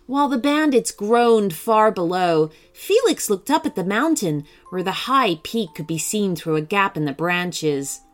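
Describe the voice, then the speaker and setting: Slow, expressive woman storyteller. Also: medium pitch. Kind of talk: children's bedtime story narration.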